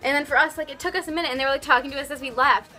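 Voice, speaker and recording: A young woman vlogger telling an excited, rambling story, full of "like" and restarts, her voice a little worn after a concert. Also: sits high, very fast, faint music behind. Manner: rambly, flustered, lots of "like".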